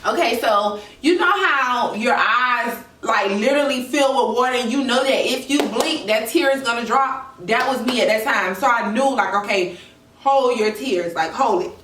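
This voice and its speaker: A woman's voice: on the high side, normal speed, a bit bright. A young woman vlogger candidly and emotionally telling a personal story to her viewers. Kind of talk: storytime vlog. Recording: echoey room, mic at a distance.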